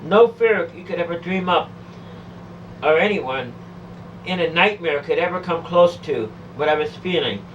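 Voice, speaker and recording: A woman's voice: on the low side, animated, a little slow, distant mic, muffled recording, a little hiss or hum. A woman telling a first-person testimony of a near-death experience, pleading, emotional and repetitive.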